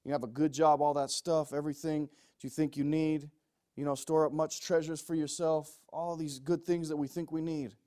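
A man preaching a sermon, moving from quiet, pleading passages to loud, shouted ones. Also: a little high, little pitch movement, moderate pace, hardly any pauses, smooth.

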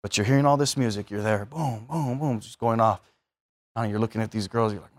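A man's voice: fairly low pitch, a little fast. A man preaching a sermon, telling everyday stories and acting out the voices of the people in them. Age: adult, married.

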